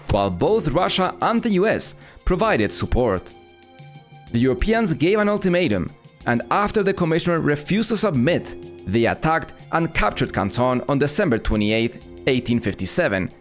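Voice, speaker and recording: A man narrating an animated history story in a brisk, matter-of-fact way. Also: on the high side. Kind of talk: scripted narration.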